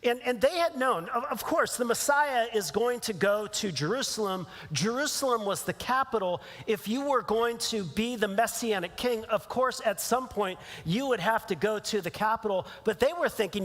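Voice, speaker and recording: A pastor giving a conversational sermon in a church, with casual fillers and restarts. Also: male voice, high-pitched, normal speed, hardly any pauses, a bit bright, long reverb tail. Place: church sanctuary.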